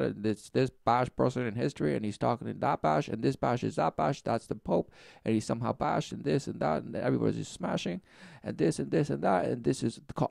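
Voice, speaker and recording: A man's voice: medium pitch, gravelly, a little mellow, no echo, clean studio sound. A man voicing a smug male know-it-all who lectures dismissively and rattles off lists.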